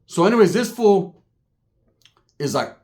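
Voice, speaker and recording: A man telling a prison story in a casual, profane, jokey way, swinging between loud and hushed. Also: sits high, sing-song, unhurried. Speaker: storyteller recalling prison time.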